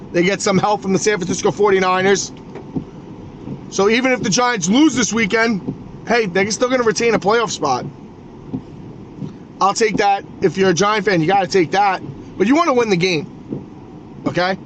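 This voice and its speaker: Against a noisy background, a man new to hosting a podcast vents about sports in a high voice, cursing freely and stumbling into repeated false starts.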